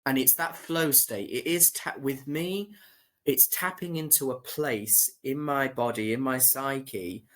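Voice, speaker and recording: A man who is a podcast guest, actor and musician, speaking reflectively with many pauses and fillers. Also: medium pitch, a bit bright. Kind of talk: reflective conversation.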